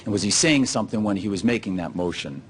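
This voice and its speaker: A man examining a witness as prosecutor in court, in short, halting questions. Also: on the low side, lively intonation, a crowd in the background. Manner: halting, many fillers and restarts.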